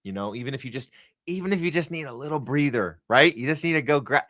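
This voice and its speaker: Male podcast host, casual and rambling, bright dry sound. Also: medium pitch, lively intonation, fast talker, dry recording. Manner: rambling, encouraging, many restarts.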